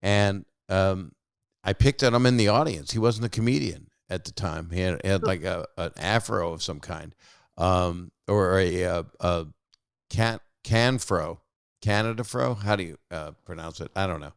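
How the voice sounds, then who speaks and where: A man's voice: low voice, normal speed, clean tone, no echo, clean studio sound. A man in his sixties hosting a call-in show, telling rambling stories in a casual chat with callers. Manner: rambling, self-interrupting storyteller. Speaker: host.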